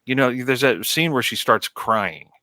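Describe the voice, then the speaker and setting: A man's voice: mid-range voice, expressive, sharp tone, no room sound. A man from the American South co-hosting a podcast, discussing a film in a casual, agreeable way. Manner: agreeable, measured, chimes in often. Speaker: podcast co-host.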